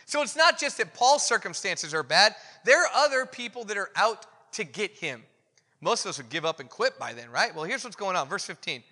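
Preacher guy, pretty high voice, chatty self-deprecating sermon, lots of hall echo. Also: a little fast. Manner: candid, self-deprecating, animated storytelling. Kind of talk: conversational sermon. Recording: long reverb of a hall.

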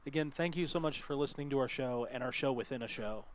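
A man hosting a podcast in casual chat, relaxed and friendly. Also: mid-range voice, quick pace. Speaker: podcast host.

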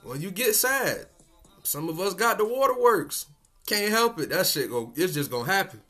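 A man's voice: sits high, very animated, moderate pace, bright, forceful tone, soft background music. Laid-back slangy man podcasting. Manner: laid-back, slangy and profane, chuckling often. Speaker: podcast host. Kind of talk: casual solo podcast monologue.

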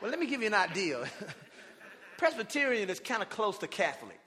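Male preacher, high and forceful, shouting call-and-response lines, long reverb from the church hall. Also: sing-song, brisk. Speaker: pastor. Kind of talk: sermon. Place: church sanctuary with congregation.

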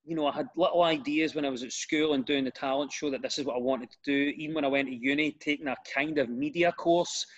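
A middle-aged man with a Glaswegian accent, telling stories in a casual chat as a comedian guest, self-deprecating and quick to laugh. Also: fairly high pitch, fairly even intonation, dull audio. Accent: Scottish, Glaswegian.

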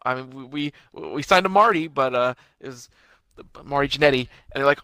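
A man's voice: mid-range voice, a little fast, pushed and bright, clean tone, dry recording. A young man in casual wrestling chat, telling stories with acted-out quotes and casual swearing. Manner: storytelling, profane, acts out quotes.

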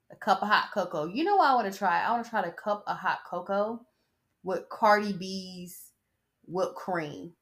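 A woman hosting a podcast in a casual, sassy style, chatting and mocking as she reads an article aloud. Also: medium pitch. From United States. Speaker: podcast host.

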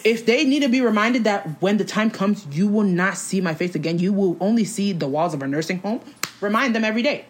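A woman's voice: mid-range voice, a little fast. A woman in casual chat, ranting emphatically with lots of slang, as a podcast co-host.

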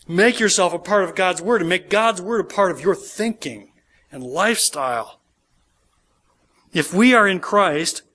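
A man's voice: sits high, bright, forceful tone. A man pastor preaching a sermon, emphatic and repeating key words for stress.

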